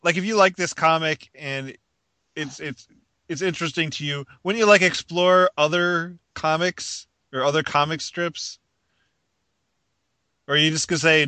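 A man with a bright, forceful voice talks in a loose, rambling way, restarting his sentences and chuckling at his own jokes. The sound is dry and close, with no room around it. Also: on the high side, normal speed, no echo. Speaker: podcast co-host. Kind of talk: casual chat.

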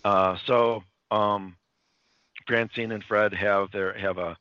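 A man with a low voice and a bright, forceful edge chats casually as a podcast host. He rambles and hesitates, filling gaps with ums and restarts. The lo-fi recording sounds dull and dry. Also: fairly even intonation, slow, no echo. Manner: rambling, hesitant, full of fillers. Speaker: podcast host reviewing comics. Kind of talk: casual chat.

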